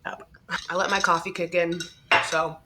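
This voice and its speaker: A woman vlogger talks to her camera in a slightly low voice. Her delivery is casual, chatty and rambling. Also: level tone, unhurried, very noisy. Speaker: lifestyle vlogger. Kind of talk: casual vlog chat.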